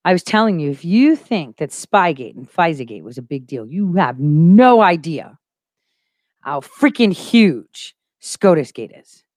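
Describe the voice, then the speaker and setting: A woman's voice: lowish voice, very animated, unhurried, darkish tone, dry recording. Woman, livestream host, emphatic, repeats key words, full of conviction, dry close recording. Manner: emphatic, repeats phrases for stress. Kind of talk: casual livestream talk.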